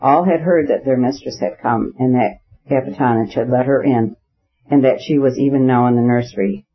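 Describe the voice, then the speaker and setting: A man with a mid-range, slightly rough voice narrates a classic novel for an audiobook. His delivery is even and measured, though the recording comes across slightly muffled.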